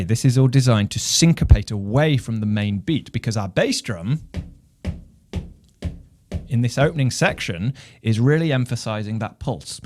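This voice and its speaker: A man, a composer and music teacher from England, giving a measured explanation of rhythm and counting beats aloud. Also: medium pitch, darkish tone, no echo. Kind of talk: instructional explanation.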